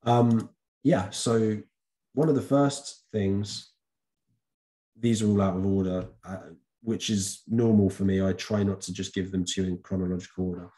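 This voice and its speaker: A man with a low, mellow voice walks students through a revision lesson. He talks casually to the camera and often stops to correct himself or fill a pause with an um. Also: fairly even intonation. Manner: chatty, with frequent ums and self-corrections. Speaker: teacher. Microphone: camera recording.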